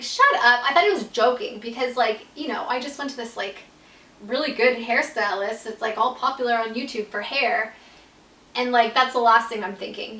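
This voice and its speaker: Chatty young woman with a bright voice. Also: fairly high pitch, far from the mic. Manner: chatty, fills nearly every phrase with "like", swears freely. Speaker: YouTuber telling a personal story. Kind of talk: casual storytime vlog. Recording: roomy echo, voice set back from the mic.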